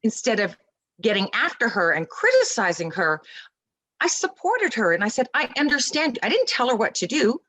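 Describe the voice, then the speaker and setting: A woman guest in a casual interview, talking about parenting in an animated, emphatic way and acting out little dialogues. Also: fairly high pitch, normal speed, no room sound, low-quality recording.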